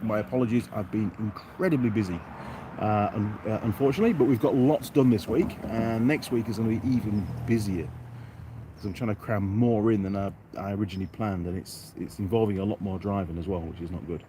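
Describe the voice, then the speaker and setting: A man's voice: mid-range voice, darkish tone, a little hiss or hum. A middle-aged man from York, England, hosting a casual outdoor live stream, chatting and reading out viewer comments by name in a self-deprecating way.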